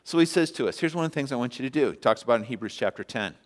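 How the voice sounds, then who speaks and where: A male pastor preaching a sermon in a church, telling the story with animated, emphatic peaks and asking the congregation to respond. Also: medium pitch, racing. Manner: asks the congregation to answer and respond. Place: church sanctuary. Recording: long church-hall reverb.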